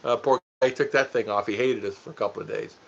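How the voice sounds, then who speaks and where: A man's voice: on the low side, steady tone, quick pace, creaky, slight background noise. A man hosting a casual livestream, joking, teasing and laughing as he answers viewer comments. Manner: goofy, teasing, laughs often. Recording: dull lo-fi stream audio.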